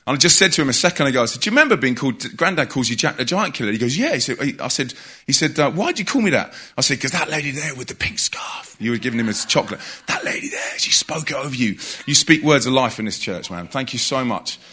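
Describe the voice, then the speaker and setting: In a church hall, an English visiting preacher talks fast and animatedly, his mid-range voice bright and forceful with a breathy edge. He keeps the lively talk jokey and conversational, calling out to the people in the congregation.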